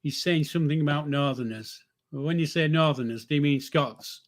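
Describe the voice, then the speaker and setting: A man's voice: a little high, fairly quick. An older man from northern England, hosting a casual livestream, reading out chat and joking in a rambling, easygoing way. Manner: chatty, rambling, jokey, with frequent fillers and self-corrections. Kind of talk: casual live-stream chat.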